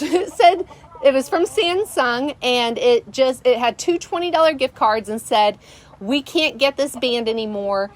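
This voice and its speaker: Lady vlogging outside, kinda high voice, fed up and rambling, chickens faint in the back. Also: a little hiss or hum. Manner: exasperated, rambling, many fillers. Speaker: vlogger, channel host. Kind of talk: casual storytelling to camera. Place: rural homestead, outdoors.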